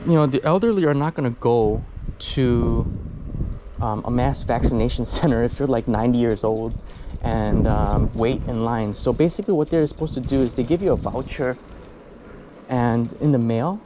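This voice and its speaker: A man from the United States vlogs while cycling outdoors, chatting casually and rambling with plenty of fillers and restarts, a little out of breath. His mid-range voice moves at a moderate pace. The audio is dull, with a noisy background.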